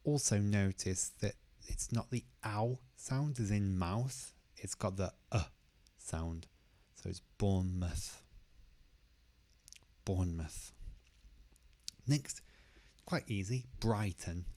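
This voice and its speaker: A man teaching English pronunciation, who says each word slowly and carefully and repeats it twice. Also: on the low side, mellow. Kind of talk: pronunciation lesson.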